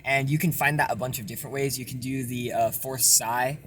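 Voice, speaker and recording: A young man casually explaining a vocal technique in a relaxed, rambling way with lots of fillers. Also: medium pitch, fairly quick, slight background noise. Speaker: self-taught vocal tutorial maker.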